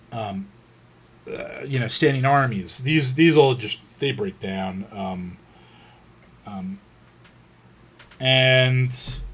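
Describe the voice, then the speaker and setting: Husky man lecturing with many fillers. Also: mid-range voice, fairly bright tone. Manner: rambling, full of fillers and restarts. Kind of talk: casual unscripted history lecture.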